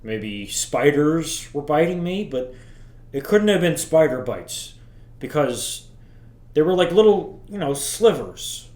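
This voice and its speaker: An actor playing a bitter, self-pitying middle-aged father who rambles crudely to his son in a deadpan comedy monologue. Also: on the high side, takes it slowly. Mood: rambling. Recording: roomy echo.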